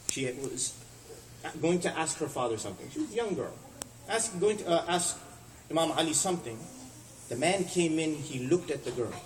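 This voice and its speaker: A man giving a sermon, telling stories and acting out the people in them with lively shifts of voice. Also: a little hiss or hum. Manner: storytelling lecture, acting out quoted speakers with rising and falling pitch. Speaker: speaker at a religious center. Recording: echoey hall, voice from far off.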